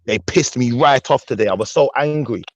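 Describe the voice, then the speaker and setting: A man, ranting and swearing through a heated panel discussion. His voice sits at an ordinary middle pitch. He keeps repeating himself to hammer each point home. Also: a little fast, slight background noise. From Jamaican heritage, raised in UK. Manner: angry, ranting, swears freely. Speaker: panel host.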